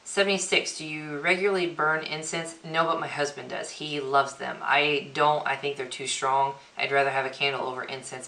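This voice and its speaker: A woman's voice: deep voice, pushed and bright. A young woman vlogger chatting through a question-and-answer tag video, reading each question aloud and answering offhand. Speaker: beauty vlogger. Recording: echoey room.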